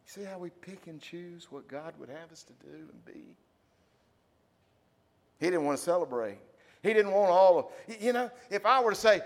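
A male preacher delivering a sermon in a slightly high voice. He talks straight to the congregation with questions and swings between loud, rising exclamations and hushed asides. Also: sing-song, fairly quick. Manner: addresses the congregation directly with questions.

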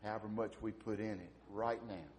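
A man in his fifties preaching a sermon, swinging from hushed, near-whispered lines to loud, emphatic ones. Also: lowish voice, fairly even intonation, brisk, a little hiss or hum. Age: 50s. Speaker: pastor.

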